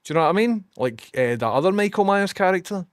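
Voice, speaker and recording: Scottish guy streaming, swears a lot, lively rambling chat, dry close mic. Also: sits high, fast talker, no echo. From Scotland. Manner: animated, swearing, reads out chat messages.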